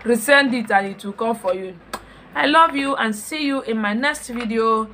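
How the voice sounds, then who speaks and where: A woman talks straight to her viewers in a casual home vlog. Her voice sits fairly high, and she tells her story in an animated way, full of exclamations and repeated phrases. A faint hiss runs behind her. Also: normal speed. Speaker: vlogger. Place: home in Europe.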